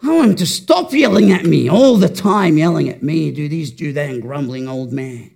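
A man voicing a resentful wife complaining about her husband's yelling, in a sermon. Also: fairly high pitch, expressive, moderate pace, creaky, voice pushed down.

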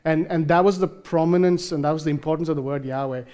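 A male preacher delivering a sermon in a mellow, slightly high voice. He speaks earnestly and with emphasis, circling back with fillers and restarts as he explains a passage. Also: fast talker.

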